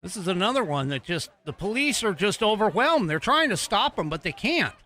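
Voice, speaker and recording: A man's voice: high-pitched, big pitch swings, brisk, pushed and bright. An American man hosting a political podcast, rambling casually with many fillers and restarts while he talks over video footage he is playing. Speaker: podcast host.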